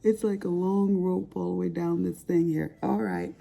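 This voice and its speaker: A woman's voice: fairly low pitch, fairly even intonation, normal speed, vocal fry, warm tone, a little hiss or hum. An older grandmother chatting casually to her viewers as she crafts, rambling and laughing at her own asides. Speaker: crafting vlogger. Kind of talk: casual chat while crafting.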